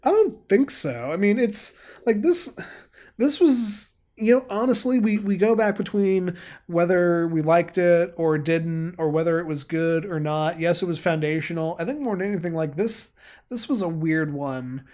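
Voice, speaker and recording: A man co-hosting a podcast, talking casually in a halting, rambling way with fillers and laughs. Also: high voice, darkish tone. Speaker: podcast co-host. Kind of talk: casual chat.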